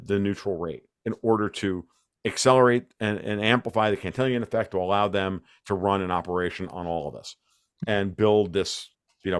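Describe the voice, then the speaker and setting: A lowish, clear and resonant male voice, recorded in studio quality with no room sound. The American speaker, an interview guest, delivers his views in emphatic rants and frequently restarts his sentences in lively conversation.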